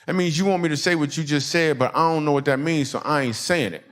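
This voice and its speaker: A man's voice: fairly high pitch, fast talker. A man from Michigan doing a stand-up comedy set, telling a story and acting out the people in it. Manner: storytelling with acted-out quotes and audience laughs.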